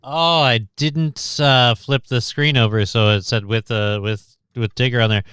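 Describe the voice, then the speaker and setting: Hosting a casual livestream, a tired and breathless man rambles, interrupts himself, and reads out the chat as he goes. His voice is medium in pitch with fairly even intonation, a measured pace, and a fairly bright, clear, resonant tone. The recording is dry, with clean studio sound.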